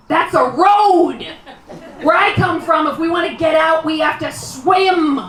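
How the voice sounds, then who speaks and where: High-voiced Canadian woman doing stand-up. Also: fairly bright tone. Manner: chatty, rambling, quick asides and mock complaints. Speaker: stand-up comedian. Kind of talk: live stand-up comedy set. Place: live show at a small guesthouse venue. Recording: roomy distant live room sound.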